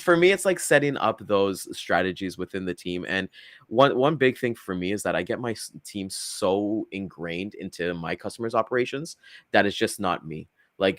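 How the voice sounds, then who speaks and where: A man's voice: fairly bright tone, no room sound, studio quality. A man co-hosting a casual morning talk show, speaking loosely with lots of fillers and acting out quotes. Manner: loose and chatty, full of fillers; acts out quotes with big jumps in pitch. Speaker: co-host.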